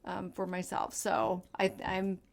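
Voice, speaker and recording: A woman co-hosting a casual podcast, chatty and animated, who laughs often and tries to enunciate carefully. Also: medium pitch, unhurried, creaky. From small farming community. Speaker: podcast co-host. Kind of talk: casual chat.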